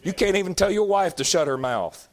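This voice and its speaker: A man preaching a fiery sermon, emphatic and repetitive, rising to shouts. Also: high voice, animated, brisk. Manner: folksy, emphatic, shouting at peaks, repeats lines.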